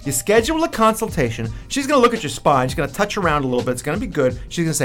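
Fast wisecracking New radio host. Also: male voice, high-pitched, big pitch swings, fairly bright tone, faint music behind. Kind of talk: joking sports radio banter with live ad reads.

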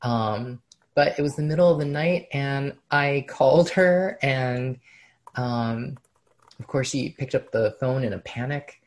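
A woman with a strikingly low voice talks as a podcast guest. She tells her story in a relaxed, reflective way, pausing often to gather her thoughts. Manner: reflective, with frequent "um" pauses and soft laughs. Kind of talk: casual conversational storytelling.

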